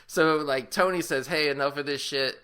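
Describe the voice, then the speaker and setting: A man's voice: on the high side, steady tone, moderate pace, pushed and bright, smooth. A man co-hosting a podcast, giving a profane, rambling movie recap and laughing often. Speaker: podcast co-host. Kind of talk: casual movie review chat.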